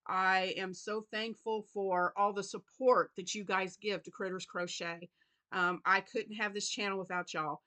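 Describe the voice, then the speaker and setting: A middle-aged woman, hosting a casual crochet vlog, chatting warmly with lots of ums. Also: mid-range voice, fairly even intonation, unhurried. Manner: warm chatty talk with many ums and y'alls. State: choked up. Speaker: crochet channel host.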